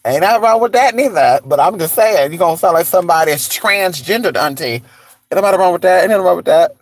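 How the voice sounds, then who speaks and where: A vlogger in a casual gossip chat outdoors in the cold, sassy and animated, calling listeners honey and girl. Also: mid-range voice, quick pace, no echo.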